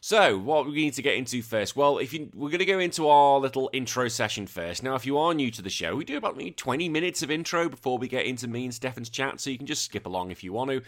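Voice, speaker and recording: A man's voice: mid-range voice, very animated, fast, hardly any pauses, a bit bright. Chatty British man hosting a podcast. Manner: rambling, chatty, self-deprecating. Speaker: podcast host. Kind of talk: casual podcast monologue.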